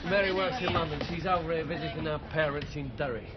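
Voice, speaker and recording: A man's voice: fairly high pitch, steady tone, fast, a loud crowd, lightly acted. An actor playing a veteran male footballer with a Cockney accent, polite but guarded. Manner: guarded, polite, media-trained. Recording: lo-fi with very loud traffic noise.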